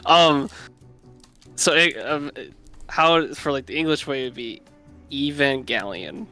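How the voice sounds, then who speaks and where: A man's voice: on the high side, a little slow, bright, forceful tone, smooth, faint music behind. A man chatting casually on a livestream, laid-back and laughing, often repeating himself. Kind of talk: casual chat.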